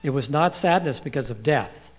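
A man's voice: medium pitch, animated, husky. A man preaching a sermon, quoting scripture and asking the congregation questions. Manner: asks the congregation questions and pauses for replies; quotes scripture with rising emphasis.

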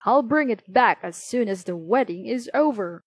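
A woman voicing a frantic, lost groom in fancy clothes, yelling in panic. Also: on the high side, expressive, normal speed, husky, no room sound. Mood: grateful.

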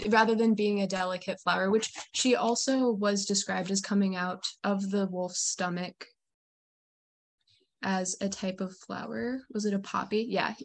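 A woman's voice: medium pitch, vocal fry. Thoughtful young woman student. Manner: thoughtful, analytical. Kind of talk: class discussion.

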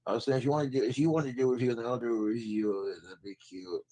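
A man talks off-camera in a relaxed, blunt way. He swears now and then and keeps everything casual. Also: mid-range voice, racing, poor audio. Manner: laid-back, blunt, swears. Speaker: streamer's partner.

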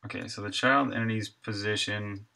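A solo game developer codes on a live stream, thinking aloud in half-finished sentences and perking up to greet chat. His lowish voice has a steady, sharp tone with vocal fry, at normal speed.

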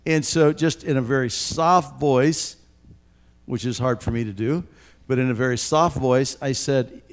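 A man in his sixties preaching a sermon as pastor, earnest and emphatic, speaking straight to his listeners and swinging from hushed to loud. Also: medium pitch, a little slow. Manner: addresses listeners directly.

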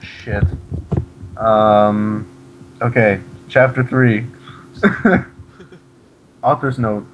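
Man, lowish voice, deadpan comic reader, mocks the text as he goes, faint hum behind. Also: drawn-out words, pauses often, muffled recording. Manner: deadpan reading, breaks off to mock the text. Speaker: reader of a fan fiction. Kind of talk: comedic dramatic reading.

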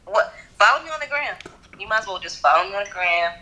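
A woman's voice: mid-range voice, expressive, quick pace, pushed and bright. A woman on a video chat app, blunt and teasing with the stranger she is talking to.

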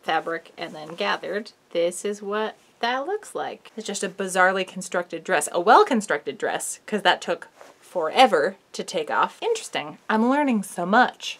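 A woman's voice: mid-range voice, a bit bright. Chatty self-mocking woman sewing vlogger. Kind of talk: casual tutorial chat. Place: costume workshop indoors.

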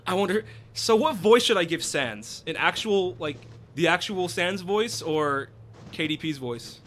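Give me a young streamer, high-voiced and lively, swearing and laughing as he plays. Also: unhurried, soft background music. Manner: reactive, swearing, laughs often. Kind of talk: let's play commentary.

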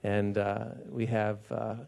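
Low-voiced man hosting a church service. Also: flat delivery, slow, creaky, a little mellow. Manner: informal, with fillers and restarts. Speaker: church host introducing speakers. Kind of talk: casual church announcements.

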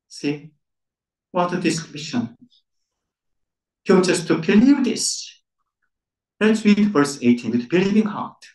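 A man's voice: high voice, animated, slow, pauses often, darkish tone. A man preaching a sermon as pastor, emphatic, repeating key words with rising stress. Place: church centre. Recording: echoey room, voice from far off.

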